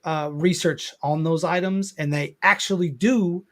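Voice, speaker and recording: An enthusiastic man chatting as a podcast guest, repeating his points with plenty of feeling. His voice sits a little high for a man. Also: steady tone, a little slow, fairly bright tone. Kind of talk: casual podcast chat.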